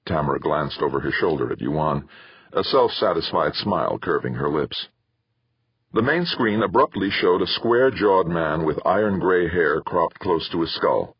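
A man narrating an audiobook in a measured, expressive way. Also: low voice, slightly rough, no echo, highs cut off. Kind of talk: scripted narration.

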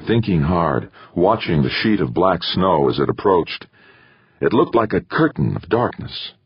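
Husky male audiobook narrator. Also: low voice, expressive, moderate pace, no echo. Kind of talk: scripted narration. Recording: dull dry recording.

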